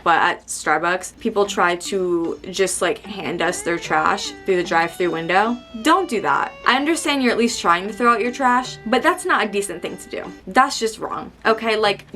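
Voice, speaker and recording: Exasperated young woman ranting. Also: medium pitch. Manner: animated, exasperated, repeats herself for emphasis. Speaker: vlogger. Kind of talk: casual ranting monologue.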